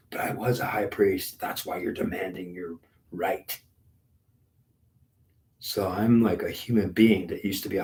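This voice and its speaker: A man's voice: low voice, poor audio. A man in his fifties telling of his talks with God in a rambling, intense monologue that often drops to a whisper. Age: 50s. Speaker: speaker recounting talks with God. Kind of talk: unscripted spiritual monologue.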